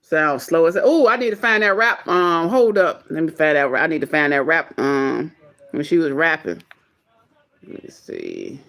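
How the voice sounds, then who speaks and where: A woman's voice: low-pitched, sing-song, normal speed, a bit bright. A woman hosting a casual livestream, talking bluntly and with irritation and plenty of cursing. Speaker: livestream host.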